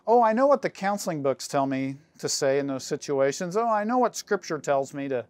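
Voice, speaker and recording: A man preaching a sermon as pastor, earnest and measured, slowing down and pausing to stress key phrases. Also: a little high, expressive, darkish tone, no room sound.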